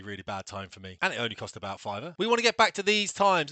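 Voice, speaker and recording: A man hosting a video, ranting in opinionated commentary and dropping low for confiding asides. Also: very animated, fast, few pauses, pushed and bright, dry recording. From England. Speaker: video host.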